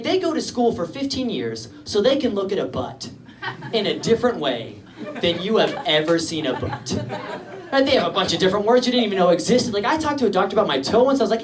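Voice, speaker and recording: A young man from England works through a loose, self-deprecating stand-up set, drifting off on tangents with a lively, swooping delivery. He sounds a little distant from the microphone. A crowd laughs along in the room around him. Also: high-pitched. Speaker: stand-up comedian. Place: comedy club stage with a live audience. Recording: distant live stand-up recording with audience laughter.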